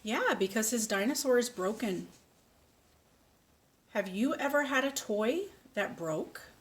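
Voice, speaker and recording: Slow, breathy woman reading to a child. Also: a little high, expressive. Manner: slow, patient, asks the child questions. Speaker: speech therapist. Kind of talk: reading a picture book to a child.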